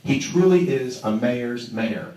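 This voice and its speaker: A man's voice: mid-range voice, animated, warm tone. A man, a mayor, giving a tribute speech with lots of ums and self-deprecating humor. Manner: halting, filler-heavy, self-deprecating humor. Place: banquet hall. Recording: echoey hall from far off.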